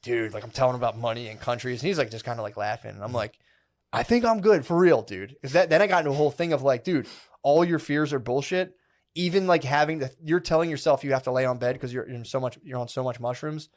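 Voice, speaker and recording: Speaking at a quick pace in a mid-range voice, a podcast co-host recounts a story. He's animated and profane, and his rambling delivery leans hard on fillers.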